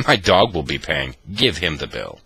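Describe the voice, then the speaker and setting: A man's voice: a bass voice, big pitch swings, moderate pace, gravelly, bright, forceful tone, breathy edge, no room sound, full character voice. A man imitating his mischievous female friend, speaking in a commanding, imperious tone. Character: bold young woman friend, mischievous.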